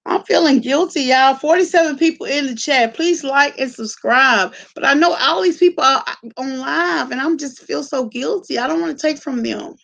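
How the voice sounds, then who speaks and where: A woman's voice: high-pitched, normal speed, vocal fry, hardly any pauses, fairly bright tone. Sassy woman talking to her live chat. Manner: sassy, blunt, talks straight to chat. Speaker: live-stream host. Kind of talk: casual live-stream commentary.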